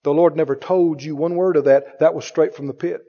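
A man's voice: fairly even intonation, brisk, husky, long reverb tail, dull audio. A man preaching a sermon with an emphatic, repetitive delivery, firing rhetorical questions at his congregation. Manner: mimics others in a higher voice.

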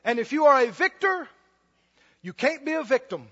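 Male preacher, high voice, emphatic and repetitive, long hall echo on a muffled recording. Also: sing-song, moderate pace, bright, forceful tone. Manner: emphatic, repetitive, laughs often. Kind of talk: sermon.

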